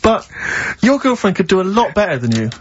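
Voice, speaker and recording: A man's voice: high-pitched, sing-song, a little fast. A man on a radio show teasing the others in a mock-outraged way during casual studio banter. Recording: dull lo-fi radio recording with faint noise.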